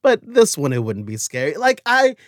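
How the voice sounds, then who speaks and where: A man in his thirties co-hosting a casual chat, animated and laughing often. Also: a little high, normal speed, no echo, clean studio sound. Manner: animated, laughs often, jumps into silly voices. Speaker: podcast co-host.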